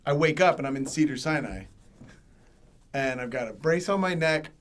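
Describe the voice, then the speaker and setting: A man hosting a podcast who tells a personal story in casual chat and gets loud when he acts out other people. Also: a little high, animated, moderate pace. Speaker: podcast host.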